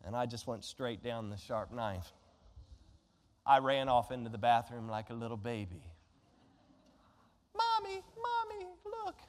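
A man preaching a sermon, telling a Bible story in an animated way and throwing rhetorical questions at his congregation. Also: medium pitch, normal speed, big-room sound. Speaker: pastor.

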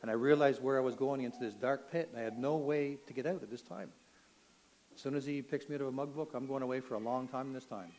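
An older man from Canada shares his personal testimony in a mid-pitched voice. He talks earnestly and with feeling. At the dramatic moments his voice climbs until he is nearly shouting. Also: steady tone, quick pace, slight background noise, poor audio. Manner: earnest, emotional storytelling, rising to near shouts at dramatic moments. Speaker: testimony speaker.

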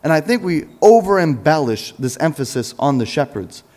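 A man's voice: on the high side, big pitch swings, moderate pace, a little mellow. A man preaching a sermon in a church, talking easily with the congregation, asking them questions, answering them himself and joking with them. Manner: jokes with the congregation. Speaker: pastor. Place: church sanctuary.

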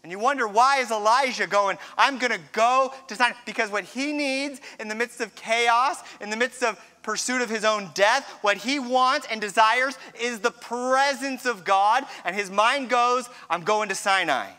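A man preaching a sermon, retelling a scripture story with dramatic pauses and a hushed drop near the end. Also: extremely high pitch, clear, resonant tone. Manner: storytelling, dramatic drops to a hush.

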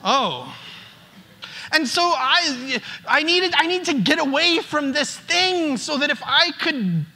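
Pastor guy preaching, high bright voice, stumbles and repeats words a lot. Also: big pitch swings, takes it slowly. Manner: conversational, repeats words when starting phrases. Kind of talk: sermon. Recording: long hall reverb.

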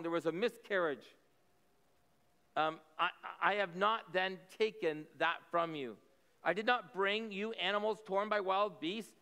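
High-voiced guy preaching, reads a verse then explains it chatty-like, echoey hall. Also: pushed and bright, clear, resonant tone. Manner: conversational, explanatory asides. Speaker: pastor. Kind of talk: sermon, reading scripture with commentary.

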